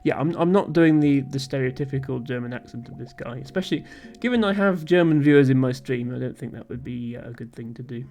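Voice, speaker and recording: A man's voice: mid-range voice, fast talker, few pauses, dark tone, a little hiss or hum. A man streaming a video game live, thinking aloud with frequent ums and little chuckles.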